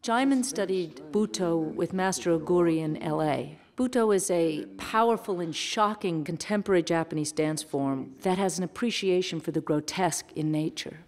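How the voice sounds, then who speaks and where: A woman's voice: lowish voice, moderate pace, few pauses, a little mellow. Woman director coaching her actors. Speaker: film director. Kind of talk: directing actors and narrating a documentary.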